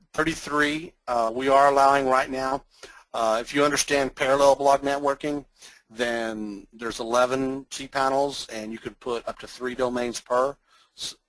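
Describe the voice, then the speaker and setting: A folksy man with a North Texas drawl walks through a software demo in an easygoing, rambling way and chuckles now and then. His voice sits in a middle register and sounds close and dry, with no room around it. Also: medium pitch, no echo, poor audio. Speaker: webinar presenter. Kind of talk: casual screen-share software demo.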